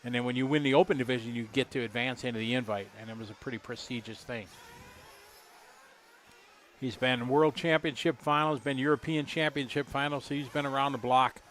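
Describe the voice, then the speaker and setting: A man's voice: medium pitch, fairly even intonation, a little fast, fairly bright tone, slight background noise. A middle-aged man doing live race commentary, chatty and rambling, joking with viewers.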